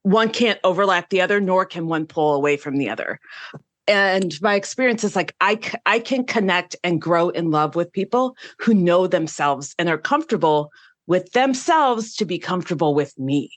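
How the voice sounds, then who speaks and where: A married woman speaking as a guest on a podcast panel, assertive and confident, talking in an animated way. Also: fairly low pitch, normal speed, no echo.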